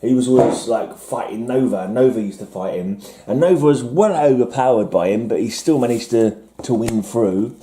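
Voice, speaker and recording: A man's voice: mid-range voice, normal speed, few pauses, mellow, reverberant, slight background noise. A man casually rambling through his comic haul, musing aloud and mocking himself as he goes. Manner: musing, self-mocking, trailing off. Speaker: comic collector showing a haul.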